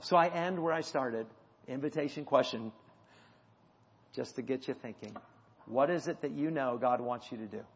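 A man preaches a sermon with a fairly high voice, telling a family story with sudden loud peaks and quiet drops. His voice rings through a church with a long echo, and the recording sounds dull. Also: slightly rough. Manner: storytelling with swings from loud to hushed. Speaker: missionary preacher. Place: church sanctuary. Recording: dull audio in a hall with long reverb.

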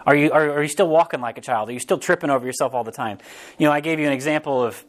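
A man preaching a sermon as pastor, in a casual, animated way, often restarting phrases and briefly acting out quotes. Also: a little high, racing. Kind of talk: conversational sermon.

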